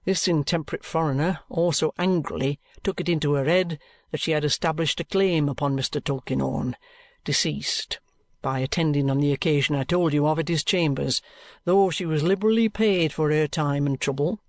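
A man playing a shrewd police detective, speaking in a cool, deliberate, coaxing way. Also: a little high, no room sound, natural voice. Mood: firm. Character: shrewd, calm male police detective, firm and patronising.

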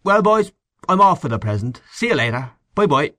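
A man's voice: fairly high pitch, big pitch swings, fairly quick, bright, forceful tone, no room sound, clean studio sound, pitched above the performer's own voice. A man doing a breezy, jaunty fellow. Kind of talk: audiobook character voice.

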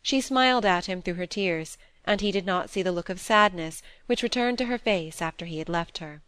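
Brief: steady female audiobook narrator, lowish voice, close and dry. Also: moderate pace, clear, resonant tone, no room sound. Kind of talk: scripted narration of a classic novel.

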